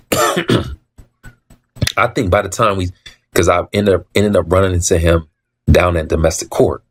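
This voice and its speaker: A man with a low, husky voice recounts his story in a casual, unscripted monologue. He repeats phrases for emphasis, acts out the dialogue he quotes, and often stops to clear his throat. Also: steady tone, a little slow. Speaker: litigant telling his story.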